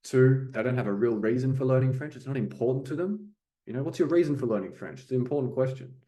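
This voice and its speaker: A man's voice: medium pitch, fast, mellow. Casual male French coach in an echoey room. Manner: conversational, frequent fillers like "okay" and "you know".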